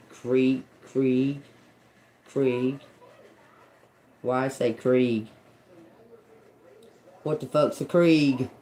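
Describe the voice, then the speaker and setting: Streaming live as a tarot and oracle reader, a woman with a rumbling low, darkish voice mutters single words again and again. She sounds puzzled by what she hears and swears at it.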